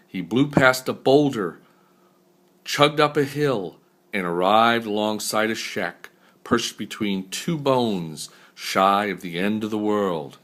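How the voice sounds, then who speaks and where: An older man, a grandfather, reading a picture book aloud in an unhurried, expressive way. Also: mid-range voice.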